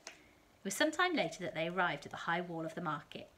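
Calm woman with a lowish voice reading a story aloud to children. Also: fairly quick, a little hiss or hum.

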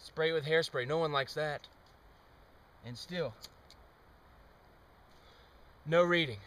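A young man giving a deadpan, mock-serious comic monologue outdoors, with sudden loud outbursts. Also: a little high, measured pace, recorded from a distance, slight background noise. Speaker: amateur experimenter. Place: outdoors on a trail.

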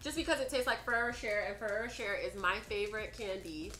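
Young american girl chatting about snacks, quick questions, bright voice, echoey room. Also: mid-range voice. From United States. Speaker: co-host. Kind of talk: casual snack taste-test chat.

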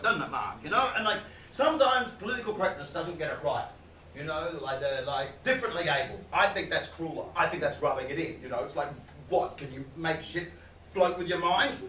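Animated swearing male stand-up comedian, roomy. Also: on the high side. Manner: animated, swearing, laughing storyteller. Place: live comedy venue with audience. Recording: roomy venue, distant mic, audience noise.

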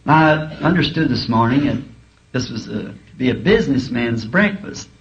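A man's voice: mid-range voice, expressive, moderate pace. A man preaching a sermon in a school auditorium, telling folksy, humorous stories. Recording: dull archival tape, faint hiss.

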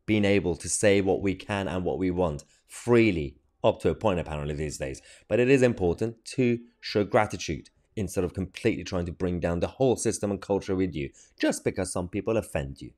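A male commentator reacting to a televised debate, his voice swinging widely in pitch as he mocks what he hears. He sounds exasperated and sarcastic, and he laughs between his points. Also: lively intonation, brisk, few pauses, darkish tone. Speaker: political commentator reacting to a TV clip. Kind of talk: opinionated online commentary.

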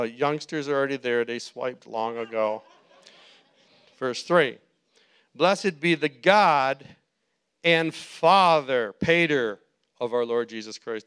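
A man's voice: medium pitch, smooth. A man preaching a sermon as pastor, moving from easy conversational teaching to fervent, rising exhortation. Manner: conversational preaching that builds to impassioned shouting. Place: church sanctuary.

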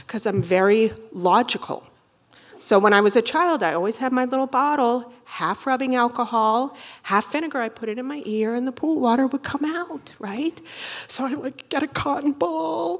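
A woman tells a comic personal story on stage, and her voice sits high. She talks in an animated, profane way and keeps tossing in quick asides to the room. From Boston area. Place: theater stage before a live audience.

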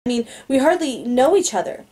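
Woman doing a shy young woman, soft, hesitant, mellow, audiobook reading. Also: sits high, sing-song, normal speed, husky, pitched above the performer's own voice, heavily acted. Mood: defensive.

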